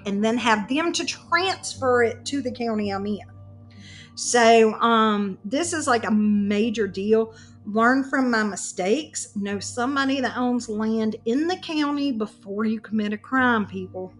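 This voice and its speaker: A woman's voice: on the high side, measured pace, faint music behind. A woman telling a personal story in casual chat, acting out both sides of the dialogue.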